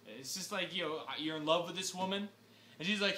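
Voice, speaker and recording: A young man ranting through a film review, exasperated and animated, breaking into sudden shouts. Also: high-pitched, moderate pace. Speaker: movie reviewer.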